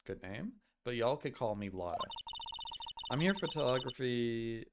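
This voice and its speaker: A man voicing a loud, pushy country woman photographer who says y'all and talks in folksy sayings, reading game dialogue aloud. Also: mid-range voice, big pitch swings, a little slow, noisy background. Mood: friendly. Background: game music.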